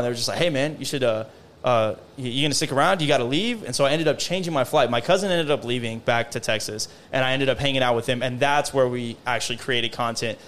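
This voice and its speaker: A young man chatting casually on a podcast, rambling through his stories. He keeps dropping "bro" and "man" as he goes, in a relaxed, mid-pitched voice. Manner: loose, rambling storytelling full of "bro" and "man". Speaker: guest creator.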